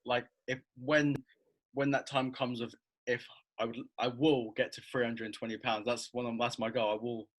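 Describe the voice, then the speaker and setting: Brief: mid-pitched man, halting and filler-heavy in easy podcast chat. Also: little pitch movement, low-quality recording. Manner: hesitant, many fillers and restarts. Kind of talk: casual chat.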